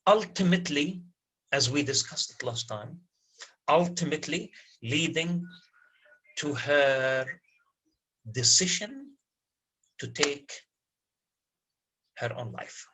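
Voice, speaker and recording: Guy teaching a lit class, slow and kinda husky, keeps asking if u follow. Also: on the high side, expressive, pushed and bright, poor audio. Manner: repeats key words, checks understanding with the class. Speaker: lecturer. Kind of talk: university literature lecture.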